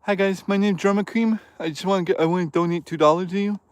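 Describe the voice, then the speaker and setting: A man's voice: high-pitched, fairly even intonation, quick pace, smooth, no echo, voice pushed up, lightly acted. A man voicing a goofy, eager male chat donor who cheerfully introduces himself.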